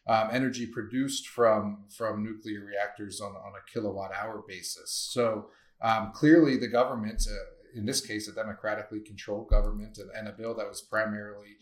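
A man's voice: lowish voice, fairly even intonation, a little fast. A man co-hosting a casual podcast discussion, blunt and opinionated, swearing casually and thinking aloud in long run-on sentences. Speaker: podcast co-host.

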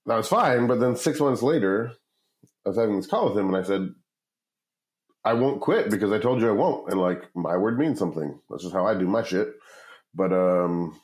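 A man with a fairly low voice tells a long, rambling story in a casual interview, full of swearing. He acts out the people he quotes with lively jumps in his delivery. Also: rough recording. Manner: profane, rambling, animated quoting of others. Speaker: guest, startup founder.

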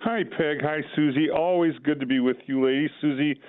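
A man's voice: a little high, steady tone, moderate pace, smooth, narrow, tinny audio. A man, a financial advisor and regular on a radio show, talking in a rambling way with many "uh"s. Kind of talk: radio talk show chat.

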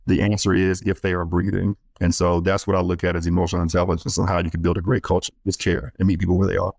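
Deep-voiced earnest man telling stories. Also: level tone, fast, creaky, a little mellow, no echo. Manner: earnest storyteller, many fillers and restarts. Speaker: guest speaker and author working with student athletes. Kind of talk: conversational podcast interview.

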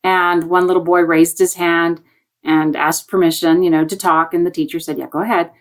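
On a remote video call, a woman appearing as an education guest on a panel tells a classroom story in a chatty, conversational way. Her voice sits on the low side and moves at a normal speed, and she's animated, acting out the voices of the people she quotes.

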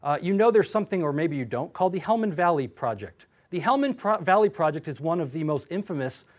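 A man lecturing in an animated, sarcastic way, often acting out what others said. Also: on the high side, fast talker. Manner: animated, sarcastic, acts out quotes.

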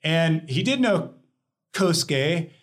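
Animated storytelling man, slightly high voice. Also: slow pace. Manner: animated, laughing, acts out quoted voices. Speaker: guest scientist. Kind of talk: casual storytelling interview.

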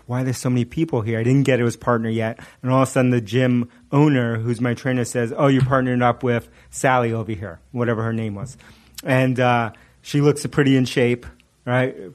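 A middle-aged man spins a story in relaxed conversation, breaking into laughter often. His telling is animated and loose, full of fillers and restarts. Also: medium pitch. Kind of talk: casual storytelling chat.

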